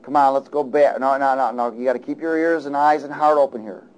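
A man preaching a sermon and reading scripture, calling out to the congregation and swinging between loud and soft. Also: mid-range voice, steady tone, a little fast, rough recording. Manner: call-and-response, rises loud and falls soft.

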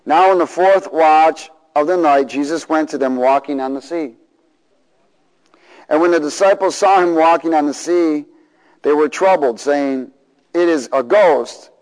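A middle-aged man preaches to his congregation in a voice pitched a little high, calling for responses and acting out the people in his story. His words ring with the long reverb of a large hall. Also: unhurried. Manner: animated, call-and-response, acts out voices. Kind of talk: sermon. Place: church hall.

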